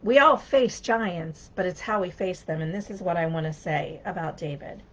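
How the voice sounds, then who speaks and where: A woman's voice: on the low side, moderate pace, dull audio. Earnest woman giving a devotional talk. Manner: earnest, conversational, with frequent restarts. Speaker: motivational speaker. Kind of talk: devotional talk reading scripture.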